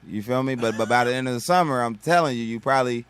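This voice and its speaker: A man's voice: mid-range voice, quick pace, fairly bright tone, clean tone, no room sound. A male comedian from Kentucky, chatting as a guest on a radio show in a slangy, laid-back way, often checking in with "you feel me.". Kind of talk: casual radio interview chat.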